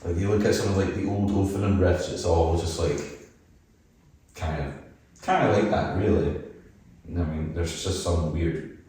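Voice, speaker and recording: Very deep-voiced man with an Edinburgh accent. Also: moderate pace, long pauses, dark tone. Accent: Edinburgh Scottish. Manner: rambling, self-deprecating, laughs often. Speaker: band vocalist guest. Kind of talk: casual podcast chat. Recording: roomy echo, mic at a distance.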